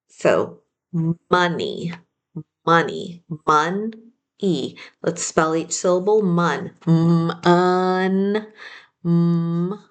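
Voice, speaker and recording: Woman, phonics teacher, slow patient delivery, lowish voice, sounds words out. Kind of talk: phonics spelling lesson.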